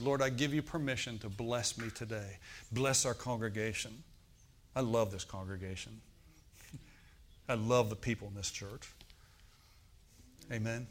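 A man's voice: mid-range voice, fairly bright tone. A middle-aged man preaching in a church, declaring prayers with fervor and then telling stories to his congregation. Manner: fervent, declaring prayers and storytelling. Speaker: pastor. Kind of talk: sermon with call-and-response prayer.

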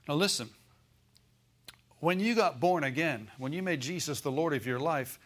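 A man's voice: a little high, lively intonation, normal speed, pauses often, fairly bright tone. A male pastor preaching a sermon in a folksy way, asking the congregation for amens and call-and-response.

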